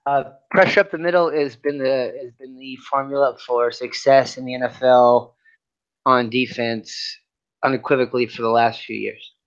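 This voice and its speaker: A man's voice: medium pitch, steady tone, normal speed, clean tone. A man co-hosting a sports podcast, making long rambling points in casual debate and often restarting his sentences. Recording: dull lo-fi sound.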